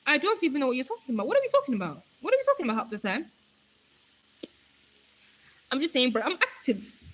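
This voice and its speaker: Young woman from Nigeria, hyper live-stream chatter, bright and lively. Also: high voice, brisk, rough recording. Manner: chatty, hyper, reads viewer comments aloud. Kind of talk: casual live-stream chat.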